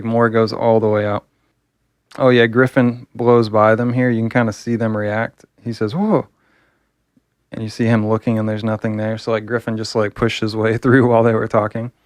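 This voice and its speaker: A man's voice: fairly low pitch, no room sound, studio quality. A man reviewing a comic book, talking casually and enthusiastically, rambling with fillers.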